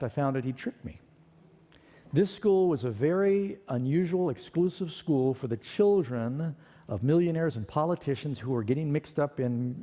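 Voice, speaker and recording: A man preaching, telling his own life story in an animated way and acting out the voices of people in it. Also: on the high side, big-room sound. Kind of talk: storytelling sermon testimony.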